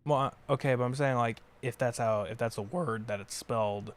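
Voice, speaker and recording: A man's voice: medium pitch, moderate pace. A young man chatting casually while playing a trucking game, rambling with lots of fillers and casual swearing. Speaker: podcast co-host.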